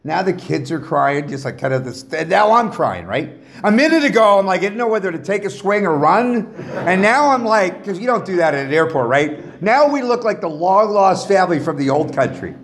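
A man's voice: sits high, fairly quick. A middle-aged man giving a personal testimony to a recovery meeting, telling stories with humor and animation. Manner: animated storytelling, jokes with the audience. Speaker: guest speaker at a recovery meeting. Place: meeting room with a live audience.

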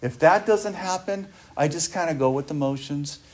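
Guy sharing his recovery story, earnest and punchy, keeps asking "right?", voice on the higher side. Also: moderate pace, slight background noise. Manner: earnest, emphatic, asks rhetorical questions. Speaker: recovery speaker. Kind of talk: personal recovery talk.

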